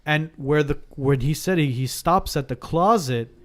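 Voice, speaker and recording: A man's voice: on the high side, measured pace. A man in his thirties telling a ghost story in a casual podcast chat, acting out the dialogue and often restarting his sentences. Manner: animated, acts out dialogue, frequent restarts.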